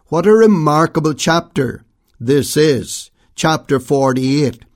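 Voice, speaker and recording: A man preaching a sermon, reading scripture and then expounding it in a measured, emphatic way with frequent pauses. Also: a little high. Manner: King James phrasing when reading scripture.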